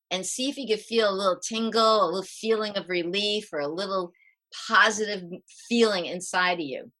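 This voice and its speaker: A middle-aged woman with a bright, forward voice explains calming tricks as a podcast guest. She talks in a lively, hands-on way and acts out each step as she goes. Her pitch sits in an ordinary middle range. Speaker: parenting coach.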